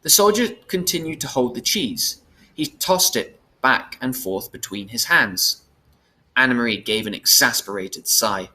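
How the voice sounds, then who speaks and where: Brief: man with a bright, tense tone reading a children's storybook aloud, steady and plain. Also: mid-range voice, unhurried. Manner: plain, steady reading with small self-corrections. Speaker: reader.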